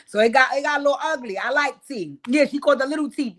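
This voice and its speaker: A young adult woman hosting a casual commentary vlog, recapping reality TV. She talks in a sassy, blunt, profane way, with big jumps in pitch and volume. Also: animated, brisk, hardly any pauses, a bit bright, a little hiss or hum.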